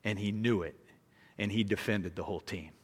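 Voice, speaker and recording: A middle-aged man giving a sermon as guest speaker, telling a story with lively acted-out voices. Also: fairly low pitch, normal speed, slightly rough. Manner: animated storyteller, acting out voices. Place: large church hall. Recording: long hall reverb.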